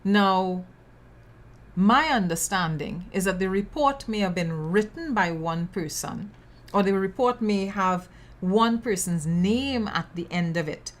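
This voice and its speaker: A woman's voice: medium pitch, measured pace. A woman with a Trinidadian accent hosting a news commentary podcast, outspoken and sassy, full of local slang and emphatic repetition. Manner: emphatic, repeats words for effect. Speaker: podcast host.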